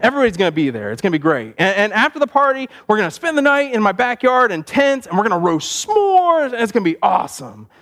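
A man's voice: high voice, sing-song, quick pace, vocal fry, few pauses, slightly rough, exaggerated voice. A man doing a gushing, boastful kid. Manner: gushing, salesy. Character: boastful young boy throwing a party.

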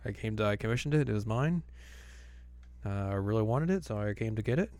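Haughty demon lord, flat and offhand, done by a man, dry sound. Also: on the low side, brisk, no room sound, lightly acted.

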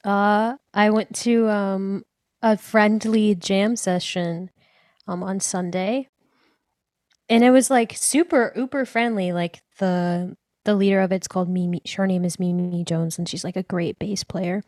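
A young woman co-hosts a podcast, chatting casually in a mid-range, darkish voice with fairly even intonation and an unhurried pace. She sprinkles her talk with lots of "like." The recording is studio quality with no echo.

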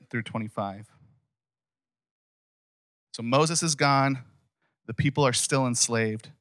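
Male pastor, casual sermon, emphatic and conversational; crisp bright tone, dry close sound. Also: medium pitch, no echo.

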